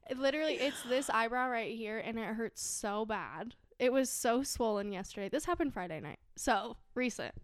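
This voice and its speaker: A woman's voice: on the high side, animated, moderate pace, few pauses. A young adult woman co-hosting a casual podcast, telling stories in a chatty way and laughing often. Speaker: podcast co-host. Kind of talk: casual chat.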